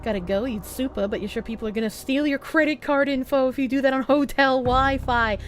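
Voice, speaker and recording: A woman's voice: high voice, a little fast, few pauses, music in the background. A woman streamer giving casual, playful commentary while gaming and chatting with her viewers. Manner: playful, chatty, reacts to chat.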